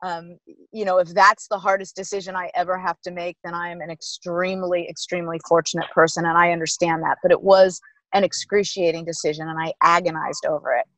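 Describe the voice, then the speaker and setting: A middle-aged woman, a former team executive, telling stories in an emphatic, lively interview manner. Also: lowish voice, brisk, no room sound, rough recording. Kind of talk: animated interview storytelling.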